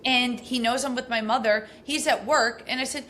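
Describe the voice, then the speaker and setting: A middle-aged woman, a podcast guest telling stories in a casual, animated way, full of fillers. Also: on the high side, moderate pace, a little hiss or hum. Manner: animated, acts out quoted speech, frequent fillers. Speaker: podcast guest, abuse recovery coach. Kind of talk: casual storytelling interview.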